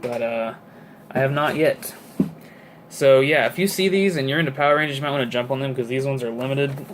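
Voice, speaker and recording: Casual male vlogger, late twenties, mid-pitched and chatty, rambling with fillers; faint background noise. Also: brisk. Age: 20s. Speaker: toy collector vlogger. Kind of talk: casual chat.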